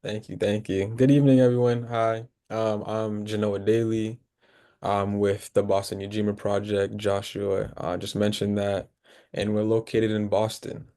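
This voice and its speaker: Male, polite, mellow low tone, monotone. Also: moderate pace. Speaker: community project member. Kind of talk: self-introduction on a video call. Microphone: video call.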